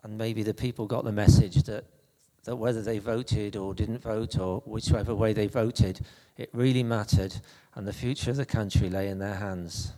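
Mellow-voiced man preaching in a reverberant hall. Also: fairly low pitch, fairly even intonation. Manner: conversational, halting with restarts. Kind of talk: anecdotal sermon.

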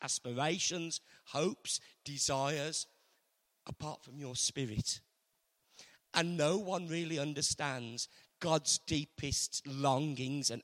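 A man preaching a sermon earnestly, moving between loud emphasis and hushed, intimate passages. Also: fairly high pitch. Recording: long hall reverb.

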